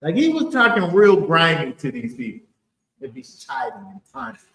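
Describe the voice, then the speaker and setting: Man, Bible teacher, high and lively voice, emphatic, echoey room. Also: moderate pace. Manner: animated, emphatic, rhetorical questions.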